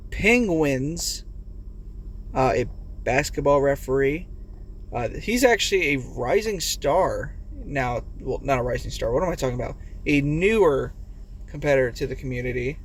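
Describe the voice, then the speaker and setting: A man giving casual play-by-play commentary on a game competition, excitable and swearing, yelling when players fall. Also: fairly high pitch, a little slow, slightly rough.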